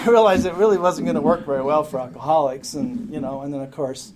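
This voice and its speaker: Man, higher-pitched voice, rambling and joking, swearing freely, audience laughter around him. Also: steady tone, fast talker, hardly any pauses, crowd noise, low-quality recording. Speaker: speaker at a recovery meeting. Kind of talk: casual storytelling talk. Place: meeting room with a crowd. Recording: live meeting talk with audience laughter.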